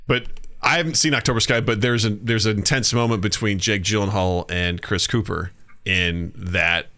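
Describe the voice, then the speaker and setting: Bright-voiced animated male podcast host. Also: lowish voice, moderate pace. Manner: animated storyteller, acts out quotes in raised voices. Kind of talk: casual chat.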